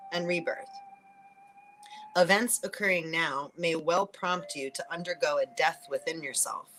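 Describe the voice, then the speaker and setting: Bright-voiced chatty woman reading cards. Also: fairly low pitch, low-quality recording. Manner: chatty, laughs often between thoughts, swears casually; reads oracle card messages aloud slowly. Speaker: spiritual reader and channel host. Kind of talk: casual spiritual reading chat.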